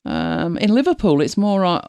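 A woman's voice: fairly low pitch, wildly swooping pitch, normal speed, darkish tone, no room sound. A middle-aged woman chatting casually as a podcast co-host, laughing often and telling stories with animation. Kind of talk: casual chat.

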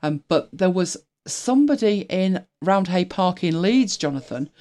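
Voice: mid-range voice, lively intonation, unhurried, a little mellow. A co-host chatting loosely on a talk show, rambling with many fillers and restarts. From United Kingdom. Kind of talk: casual panel chat.

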